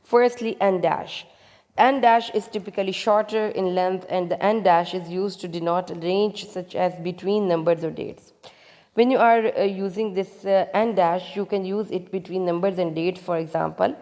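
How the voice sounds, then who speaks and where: A woman teacher giving a grammar lecture, halting and restarting often, putting questions to her students. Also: lowish voice, fairly even intonation, mellow, in a large hall. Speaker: English teacher.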